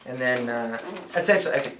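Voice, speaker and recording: A playful, rambling man walks through the rules of a card game at medium pitch. He is heard in a roomy space with a clear echo and a faint hiss behind him. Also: fast. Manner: rambling, playful, full of fillers. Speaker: game explainer. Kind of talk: casual demonstration.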